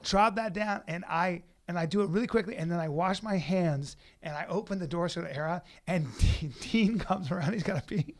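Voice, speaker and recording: Podcast co-host, male, high-pitched with a gravelly edge, loose and profane storyteller. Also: a little fast, few pauses. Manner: rambling, profane storytelling with acted-out quotes. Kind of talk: casual comedic chat.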